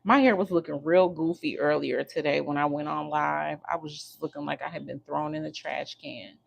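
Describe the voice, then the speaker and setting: A woman chats casually on her livestream, teasing and talking to her viewers as she goes. Her voice sits a little low and has a gravelly edge. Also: fairly even intonation, normal speed, a little hiss or hum. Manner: chatty, teasing, talks to viewers while doing hair. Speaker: livestream host.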